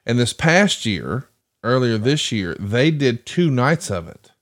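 A man's voice: mid-range voice, big pitch swings, slow pace, fairly bright tone. A man co-hosting a podcast, telling long, wry stories in casual chat. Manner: long wry storytelling asides. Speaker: podcast co-host.

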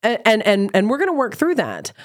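A woman in her thirties co-hosting a podcast, talking in quick, emphatic bursts. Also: medium pitch, huge pitch swings, no room sound, clean studio sound. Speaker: podcast co-host. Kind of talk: casual chat.

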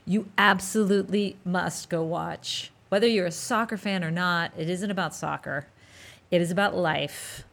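A woman co-hosting a podcast in casual chat, animated and gushing with quick bursts of enthusiasm. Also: on the low side, creaky. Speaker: podcast co-host.

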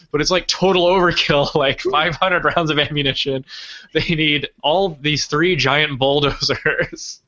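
A man's voice: fairly high pitch, a little slow, dull audio. A man chatting casually about a film, laughing often and acting out lines from it. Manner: animated, laughs often, quotes characters.

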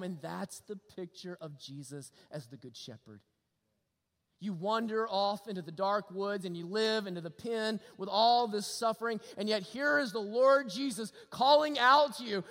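A man preaching a sermon, telling a story, shifting between loud emphasis and hushed low lines. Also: normal speed. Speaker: pastor. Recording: long hall reverb.

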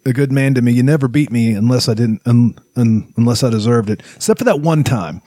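Man as a simple young squire, earnest, halting. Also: medium pitch, warm tone, no room sound, studio quality, close to an everyday voice.

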